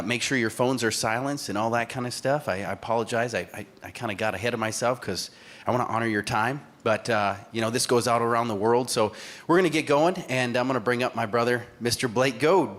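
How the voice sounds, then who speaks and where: A man's voice: mid-range voice, a little fast, a bit bright. A man at a church leadership gathering, hesitant and apologetic, with many fillers as he introduces the next speaker. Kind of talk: casual stage introduction.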